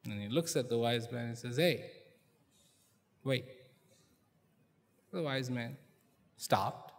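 A man telling a story to a live audience in a large hall and questioning them directly, in a slow, deliberate manner. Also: mid-range voice, gravelly. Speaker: speaker addressing an audience. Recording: long hall reverb.

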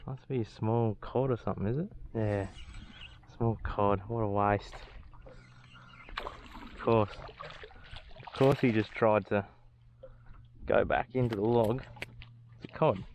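A young man, a fishing vlogger, chatting to his camera outdoors by the water, excitable and swearing as he mutters to himself. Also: on the low side, measured pace, pauses often, slight background noise. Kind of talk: casual running commentary to camera.

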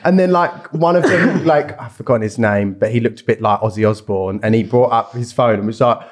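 A man, co-hosting a podcast and telling stories in casual chat while slipping into quick impressions. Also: mid-range voice. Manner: storytelling, slips into impressions of people, laughs a lot. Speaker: podcast co-host.

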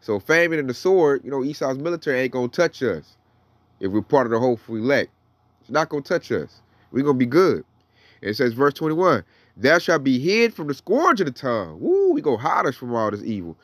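A man's mid-range voice moves briskly in a sing-song rhythm as he teaches the Bible casually and slangily, reading verses aloud between his remarks. The audio is dry.

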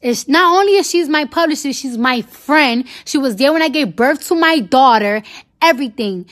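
A woman's voice: high voice, expressive, normal speed. A woman, delivering a heated, profane and blunt unscripted rant straight to her followers. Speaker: celebrity rapper ranting to fans.

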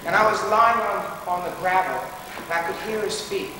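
A man's voice: high-pitched, fairly even intonation, normal speed, noisy background. A man giving a dramatic personal storytelling talk to a school assembly, recorded from far off in a large hall. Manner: dramatic, rises to pleading shouts. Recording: distant echoey hall recording.

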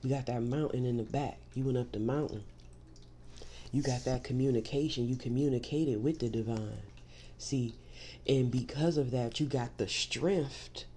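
A woman with a rumbling low, steady voice gives a spiritual tarot reading at a moderate pace, her tone warm over a slight hiss or hum. She addresses the listener directly, emphatic and reassuring, often opening points with "see" to drive them home.

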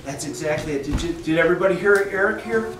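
A man teaching a children's Sunday school class, telling a Bible story slowly and with animation and asking the children questions. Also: on the high side. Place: church classroom. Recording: echoey room, distant mic, faint noise.

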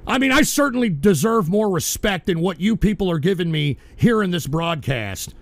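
A man's voice: high voice, animated, normal speed, hardly any pauses, dry recording. A man hosting a radio show, ranting angrily and swearing at his audience. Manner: profane, exasperated, ranting. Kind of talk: angry live-stream rant.

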